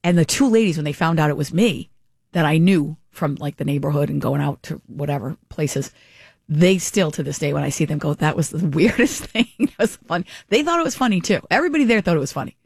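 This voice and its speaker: A woman's voice: deep voice, fast, gravelly, husky, no room sound. Chatty female radio host, dry studio sound. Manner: animated, rambling storyteller with frequent asides. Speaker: radio talk show host. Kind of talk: chatty storytelling and live ad read.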